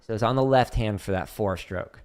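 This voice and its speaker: In his home practice room, a man with a fairly low voice teaches drum rudiments on a casual livestream, thinking aloud and counting beats at a moderate pace. Drums play behind him, and loud music sits under his speech.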